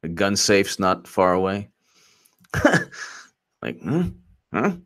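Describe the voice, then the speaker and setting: A man's voice: low voice, very animated, slow, fairly bright tone. A man hosting a live-streamed political commentary show, rambling and mocking as he laughs often.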